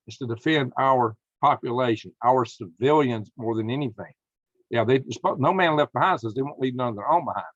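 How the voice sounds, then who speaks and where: A man's voice: mid-range voice, a bit bright, no room sound, muffled recording. A man hosting political commentary, reading news and reacting with indignation, often apologizing to his viewers.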